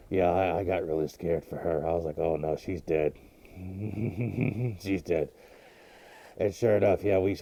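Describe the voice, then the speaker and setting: Deep, dark-voiced man rambling through a recap. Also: dry recording. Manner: rambling, halting, many fillers and restarts. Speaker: podcast host recapping an anime episode. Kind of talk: casual recap chat.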